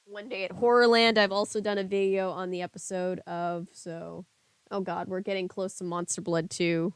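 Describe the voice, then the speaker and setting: Smooth-voiced woman reading aloud. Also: fairly low pitch, level tone, moderate pace, no echo. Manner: casual, chatting with live chat. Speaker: streamer.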